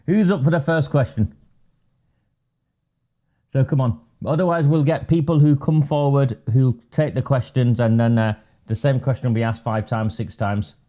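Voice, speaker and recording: A man's voice: mid-range voice, steady tone, normal speed, warm tone. A man hosting a live webinar, delivering sarcastic, mocking commentary. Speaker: webinar host and political campaigner.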